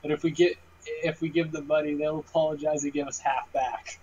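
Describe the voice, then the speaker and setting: Man, a bit higher voice, deadpan teasing, faint background hum. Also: normal speed, low-quality recording. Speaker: stream guest. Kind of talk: casual late-night chat.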